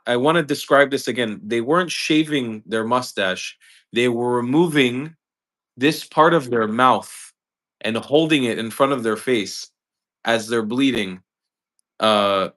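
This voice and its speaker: Man, mid-pitched voice, live-stream host, earnest, repeats himself. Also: a bit bright. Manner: earnest, repeats words and restarts lines. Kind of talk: impassioned live-stream commentary.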